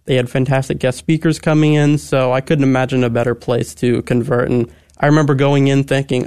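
A man's voice: mid-range voice, steady tone, brisk, a little mellow, clear, resonant tone, no echo, clean studio sound. A young man, a guest on a radio interview, talking eagerly and articulately. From Texas. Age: 20s.

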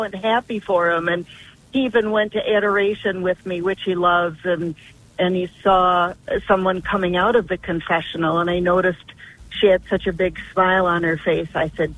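A woman's voice: fairly low pitch, steady tone, moderate pace, slight background noise. An older woman calling in to a radio show, telling a long story in an earnest, rambling way. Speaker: caller. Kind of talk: phone-in radio call. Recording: tinny phone line.

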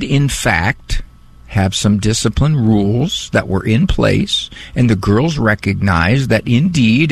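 A man hosting a radio call-in show, talking in a wry, musing way with drawn-out phrasing, close on a studio mic. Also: mid-range voice, creaky, breathy edge, dry recording. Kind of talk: conversational radio talk. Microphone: studio microphone.

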